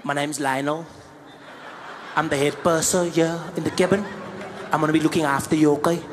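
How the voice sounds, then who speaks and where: A man's voice: fairly high pitch, steady tone, brisk, background noise, lightly acted. A man playing a nervous, over-eager flight attendant.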